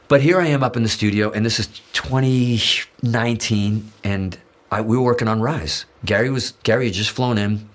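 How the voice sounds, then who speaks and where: A man with a lowish voice tells an interview story. He is animated and profane, stumbles through restarts and acts out the lines of the people in his story. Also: normal speed. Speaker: guitarist and interview guest.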